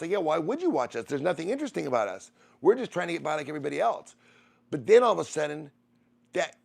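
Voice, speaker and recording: A man's voice: on the high side, creaky. A middle-aged man who streams, telling a personal story in a rambling way, restarting and repeating phrases.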